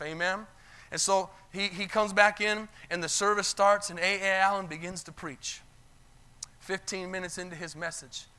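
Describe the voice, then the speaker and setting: A man's voice: high-pitched, pushed and bright, clean tone. A male pastor preaching a sermon to his church, telling a story with quoted lines and calling out for amens. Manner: retells stories in quoted voices, calls for amens. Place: church sanctuary.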